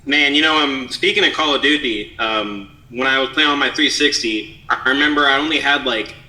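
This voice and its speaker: A man's voice: mid-range voice, moderate pace, pushed and bright. A man in his twenties chatting casually on a podcast, laid-back and swearing often. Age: 20s. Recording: echoey room, faint background noise.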